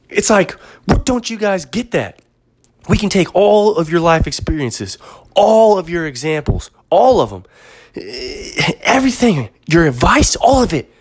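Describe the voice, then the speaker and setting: A man hosting a podcast, delivering an impassioned, profane monologue that sometimes drops to a hush for storytelling. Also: fairly high pitch, husky. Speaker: podcast host. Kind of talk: monologue rant.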